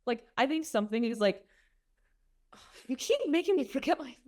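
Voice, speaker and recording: A woman's voice: high voice, lively intonation, moderate pace, a little mellow, slight background noise. A young woman being interviewed as a runner-up contestant, rambling with many fillers and teasing her partner. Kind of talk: casual interview chat.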